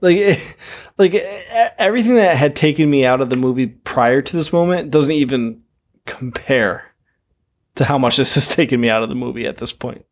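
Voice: medium pitch, expressive, normal speed. A podcast co-host in casual chat, complaining about a horror film with swearing and exasperation. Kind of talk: casual movie review chat.

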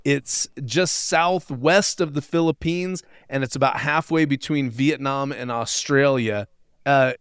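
Smooth-voiced man telling a story. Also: mid-range voice, dry recording, studio quality. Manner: wry, conversational, lots of fillers. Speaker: podcast co-host. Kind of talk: casual storytelling podcast chat.

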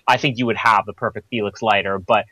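A man's voice: fairly low pitch, steady tone, fast, pushed and bright, dry recording, rough recording. A man co-hosting a podcast, chatting casually about a film and joking as he acts out bits of dialogue. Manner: chatty, jokey, acts out lines in put-on voices. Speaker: podcast co-host.

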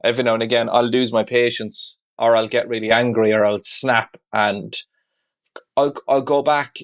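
A man's voice: medium pitch, flat delivery, normal speed. A man speaking as a father in an interview, reflective and open, talking candidly with frequent "you know" asides. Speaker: guest; father of two.

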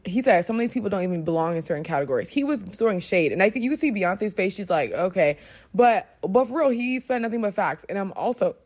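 A woman hosting a podcast, reacting live in an excitable, gushing way and swearing freely. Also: medium pitch, fast talker, no echo. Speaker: podcast host.

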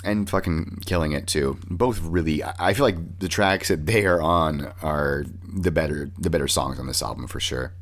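A man's voice: rumbling low, moderate pace, few pauses. A man hosting a casual music podcast, swearing freely as he talks about bands. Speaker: podcast host.

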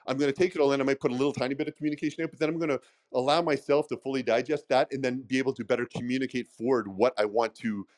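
A man rattling along fast as a business-owner guest, talking loosely and checking in with "right?" as he goes. His voice sits at a middle pitch. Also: steady tone, darkish tone. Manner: rambling, conversational, frequent "right?" tags. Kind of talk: casual panel discussion.

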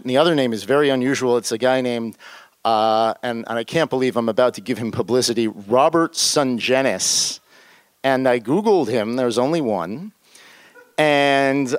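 Young guy from new jersey telling a story, lively, smooth clear voice, dry sound. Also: dry recording. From northern New Jersey. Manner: animated, leaps into high voices for quoted people. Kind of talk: live personal storytelling.

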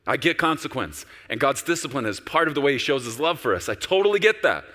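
A man pastor preaching a sermon on a stage, shifting from quiet storytelling to loud, urgent exhortation. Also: mid-range voice, fast talker, hardly any pauses, in a large hall. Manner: animated, swinging from soft storytelling to loud exhortation. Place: large church auditorium with stage.

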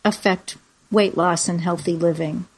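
A woman in her seventies interviewing a guest in an effusive manner, quick to laugh. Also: on the low side, fairly even intonation, slightly rough. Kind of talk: casual interview chat.

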